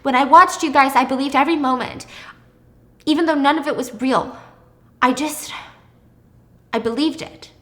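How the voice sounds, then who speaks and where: A woman's voice: high voice, normal speed, pauses often, bright, forceful tone, pitched above the performer's own voice. A woman voicing an obsessive young female stalker who pleads in a breathless voice and turns icy. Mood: pleading.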